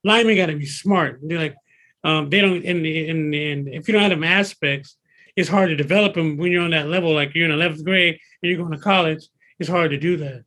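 A man in his fifties who works as a personal trainer, talking in a high voice with a husky edge. He speaks in an excitable, emphatic way and circles back to repeat his points. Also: a little fast. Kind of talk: casual interview talk.

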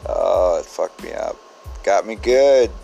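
A man hosting a comedy podcast, delivering a rambling, absurd, deadpan monologue full of digressions. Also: low voice, slow, gravelly, soft background music, poor audio. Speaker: podcast host.

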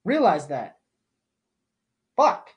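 A man's voice: high-pitched, wildly swooping pitch, drawn-out words. A young man hosting a podcast, delivering a blunt, profane and fired-up motivational rant. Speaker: podcast host.

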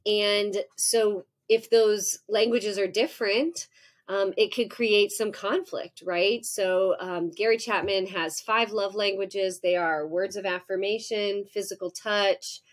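A woman in her forties, a professor guest in an interview, telling a lively personal story and acting out her own thoughts. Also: mid-range voice, takes it slowly. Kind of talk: conversational interview.

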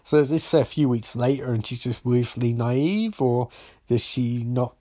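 A young man talks through a TV episode in a loose, unscripted ramble. He swears freely and wanders into jokey asides, and his voice sits at an ordinary middle pitch. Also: moderate pace, dark tone. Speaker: TV episode recapper. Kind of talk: casual episode recap.

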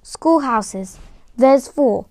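A woman voicing a loud, blunt giant of a man. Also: high-pitched, animated, very slow, no echo, exaggerated voice. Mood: hearty. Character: big hearty adult male groundskeeper, blunt and kind. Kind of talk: storybook reading with voices.

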